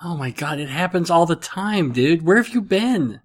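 A man's voice: on the high side, animated, normal speed. A man hosting a casual podcast, rambling and self-mocking, with lots of fillers. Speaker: podcast host.

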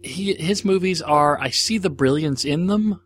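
A man's voice: a little high, measured pace, slight background noise. An American man hosting a podcast, talking through movie reviews in a rambling, enthusiastic, casual solo monologue. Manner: rambling, enthusiastic, chatty with many restarts. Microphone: audio-only recording, no video.

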